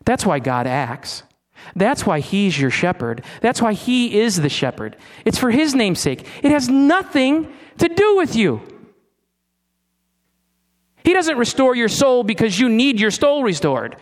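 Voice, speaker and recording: A man's voice: sits high, big pitch swings, moderate pace. A middle-aged man preaching a sermon in a conversational way, stumbling over restarts and asking his listeners questions. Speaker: pastor.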